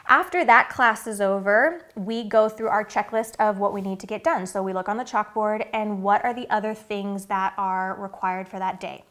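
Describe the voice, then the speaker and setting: A woman's voice: mid-range voice, fairly bright tone. A woman in her thirties talking casually to camera about her family's routine, earnest and chatty with many fillers. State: getting emotional, near tears. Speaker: vlogger and mother.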